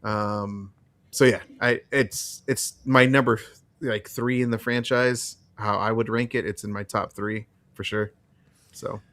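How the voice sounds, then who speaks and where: A man's voice: lowish voice, steady tone, a little slow, a bit bright. A man co-hosting a casual film review chat, giving his opinions in a hesitant way with many fillers and restarts. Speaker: podcast co-host.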